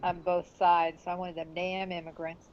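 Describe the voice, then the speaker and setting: A woman's voice: fairly low pitch, little pitch movement, normal speed, a little mellow, slight background noise. Blunt New England woman, lo-fi. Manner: blunt, outspoken. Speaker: podcast discussion group member. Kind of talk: casual group chat. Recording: lo-fi call audio.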